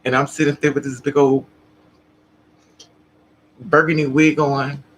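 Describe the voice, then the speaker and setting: A woman's voice: low-pitched, level tone, measured pace, slight background noise, poor audio. A trans woman telling a story casually to her live chat, laughing often and acting out the other people in it. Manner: chatty, laughing, acts out other people's lines. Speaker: vlogger.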